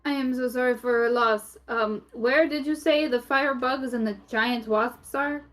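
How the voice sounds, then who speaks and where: A woman's voice: fairly high pitch, normal speed, a bit bright. A woman playing a cleric in a tabletop game, asking blunt, incredulous questions. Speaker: player. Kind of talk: in-character tabletop play.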